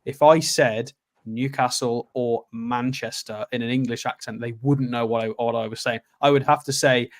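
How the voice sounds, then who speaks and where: A man's voice: mid-range voice, steady tone, normal speed. A man who grew up in Spain, co-hosting a casual podcast and telling chatty stories. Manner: chatty, storytelling. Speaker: podcast co-host. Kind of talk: casual chat.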